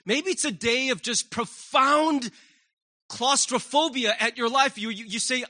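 A man preaching a sermon as pastor, animated and acting out the voices he quotes. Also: very high voice, unhurried. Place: church sanctuary.

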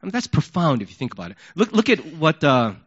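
A man preaching a sermon in an animated way, acting out yelled questions. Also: fairly high pitch, fast, slightly rough. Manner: animated, acts out yelling questions. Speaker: pastor. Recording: dull lo-fi recording.

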